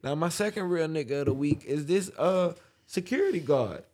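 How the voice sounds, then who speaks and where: A man co-hosting a podcast in relaxed, slangy casual chat, sometimes drawing his words out slowly. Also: fairly high pitch. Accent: American English. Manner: relaxed slangy storytelling, drawls slowly at times. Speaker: podcast co-host.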